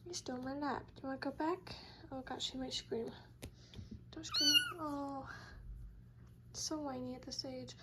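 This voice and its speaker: A woman breeder talking to her kittens in a cooing, babying way, often dropping to a hush. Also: high-pitched, steady tone, fairly quick, very noisy. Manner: cooing baby talk, soft and hushed at times. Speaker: cat breeder. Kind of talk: casual talk to kittens.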